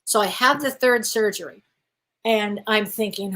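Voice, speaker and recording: A woman's voice: mid-range voice, moderate pace. A woman guest in casual chat, telling her story with lots of acted-out voices and laughter. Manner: animated storyteller, acts out voices, laughs often.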